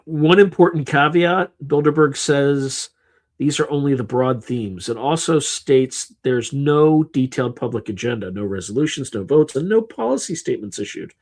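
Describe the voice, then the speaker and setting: A man's voice: medium pitch, a little mellow. A man hosting a live stream, tired and yawning, reading through a list in a casual, offhand way with sarcastic asides. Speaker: livestream host.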